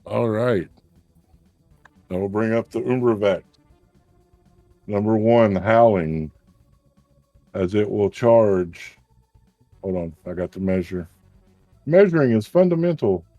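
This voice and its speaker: Slow, low-voiced man running the game. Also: mellow, no echo. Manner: measured, descriptive narration with asides. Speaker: game master. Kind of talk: narrating a tabletop game.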